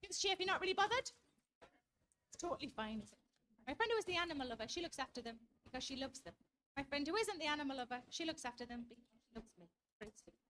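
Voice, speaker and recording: High-voiced sweary woman comedian. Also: animated, fast talker, fairly bright tone. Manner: blunt, sweary, storytelling. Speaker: stand-up comedian. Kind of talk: stand-up comedy routine. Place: comedy stage before an audience.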